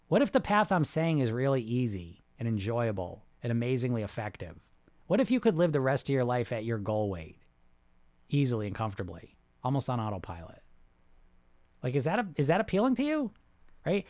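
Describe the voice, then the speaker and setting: A man hosting a casual livestream about weight loss, answering viewer comments in an animated, repetitive, salesy way. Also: mid-range voice, no room sound.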